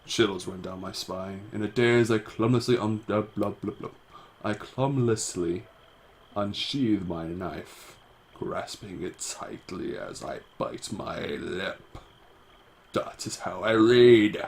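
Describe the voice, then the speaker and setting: A man reading a game's story text aloud in a halting, stumbling way, with self-mocking asides, recorded on a home mic. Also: on the low side, gravelly, slight background noise. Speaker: amateur voice actor reading a game. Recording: faint music behind.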